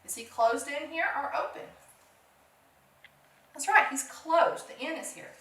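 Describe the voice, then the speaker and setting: A woman's voice: high-pitched, unhurried, a bit bright, roomy sound, recorded from a distance. A woman teaching a phonics lesson to young children, encouraging them, asking questions and answering them herself.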